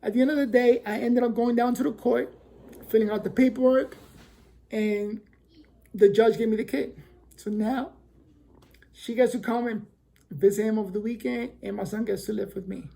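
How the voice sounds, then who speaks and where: New man, casual storyteller, mellow gravelly tone, animated quoted dialogue. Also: high voice, normal speed, long pauses.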